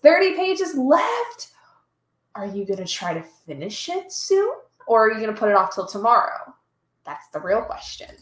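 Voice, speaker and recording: A woman's voice: a little high, huge pitch swings, normal speed, reverberant. A woman hosting a reading live stream, chatting casually, reading chat aloud and getting emotional and gushing.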